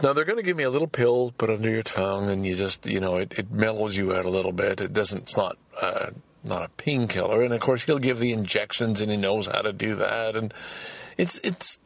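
A man recording a personal audio diary as a podcaster, talking frankly in a halting way, repeating words and restarting his sentences. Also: fairly low pitch, creaky, no room sound.

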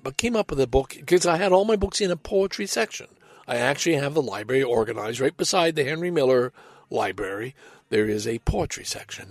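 Man, casual rambling chat, enthusiastic, mid-pitched voice, dry close sound. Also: no room sound. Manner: rambling, self-interrupting, enthusiastic; reads poems aloud expressively. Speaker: vlogger sharing books and poems. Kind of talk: casual rambling talk with poetry readings.

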